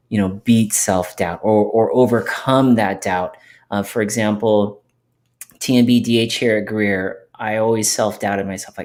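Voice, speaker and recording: A man hosting a podcast, talking in a relaxed, rambling way with plenty of fillers. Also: fairly low pitch. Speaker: podcast host. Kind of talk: casual podcast chat.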